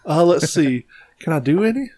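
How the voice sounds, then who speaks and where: A man's voice: on the high side, sing-song, moderate pace, darkish tone, no echo. A man co-hosting a podcast, answering listener questions in an easygoing, agreeable way. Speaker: podcast co-host. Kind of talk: casual chat.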